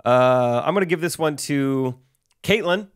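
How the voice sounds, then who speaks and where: A man's voice: on the high side, lively intonation, unhurried, clean tone. Dry-humored man telling a story on a podcast. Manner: dry, self-deprecating humor. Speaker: podcast co-host. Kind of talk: casual storytelling chat.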